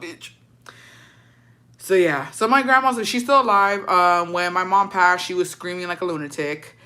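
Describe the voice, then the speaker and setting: A woman's voice: on the low side, normal speed, pushed and bright. A woman telling stories in a casual chat, blunt and profane, switching between English and Spanish.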